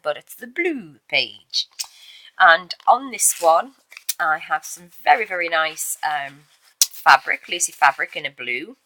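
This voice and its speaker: Her lowish, pushed and bright voice has lively intonation and a measured pace, captured in a rough recording with no room sound. She's a woman casually showing a handmade journal she made, chatting with fillers and small self-corrections in a show-and-tell video.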